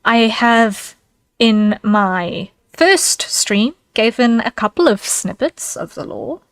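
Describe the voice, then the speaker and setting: A woman's voice: on the high side, expressive, slow, dry recording. A woman streaming as a VTuber, chatting casually with her viewers, giggling and thanking them by name.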